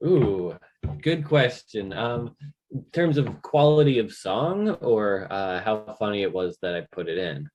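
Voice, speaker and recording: A man's voice: lowish voice, very animated, measured pace, a little mellow, lo-fi sound. A young man co-hosting a casual podcast chat, speaking hesitantly with a dry sense of humor. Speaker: podcast co-host.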